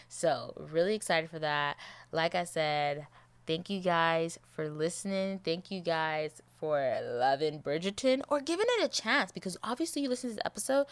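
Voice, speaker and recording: A woman's voice: on the low side, a bit bright, clear, resonant tone, no echo. A woman hosting her own podcast, rambling through a casual outro with a chatty, self-mocking manner. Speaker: podcast host.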